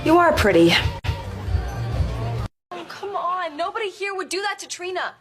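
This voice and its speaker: An actress playing a flustered, upbeat teen girl in sitcom dialogue, expressive and easily exasperated. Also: very high-pitched, normal speed, music in the background, a crowd in the background.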